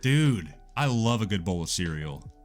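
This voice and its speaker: A young man co-hosting a podcast, talking casually in an animated, enthusiastic way and calling his co-host "dude". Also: deep voice, moderate pace, faint music behind. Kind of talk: casual chat.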